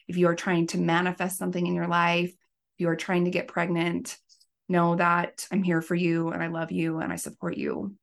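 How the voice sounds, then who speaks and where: A woman's voice: lowish voice, vocal fry. A woman in her thirties, a life coach and podcast host, telling a personal story in an earnest, emotional way. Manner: emotional, earnest, tearful at times. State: pregnant.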